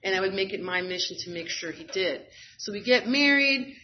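A guest shares a personal story frankly and wryly, using fillers and breaking into bursts of laughter. Her mid-range voice is animated and fairly quick. The audio is slightly dull with faint noise.

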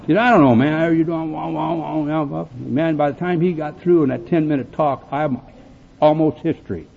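A man speaking at a recovery meeting, telling his story bluntly with gruff, dark humor. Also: on the high side, fairly quick, long reverb tail. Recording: tinny phone-like recording with faint hiss.

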